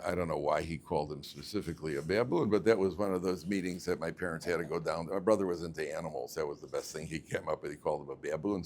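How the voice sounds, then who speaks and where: A man, a rabbi teaching a class, telling stories with lively, repetitive delivery and acting out both sides of arguments. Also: lowish voice. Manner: animated, repeats words, acts out both sides of arguments. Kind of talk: lively storytelling lecture.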